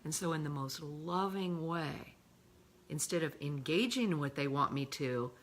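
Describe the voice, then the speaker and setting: Low-voiced woman coaching softly. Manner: calm, often dropping to a breathy whisper; slow, drawn-out emphasis on key words. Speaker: love coach. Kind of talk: motivational coaching talk.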